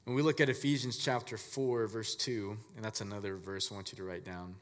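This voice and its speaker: A man giving a casual, conversational sermon as a pastor, telling stories in a relaxed, filler-heavy way. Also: lowish voice, fairly quick, long reverb tail.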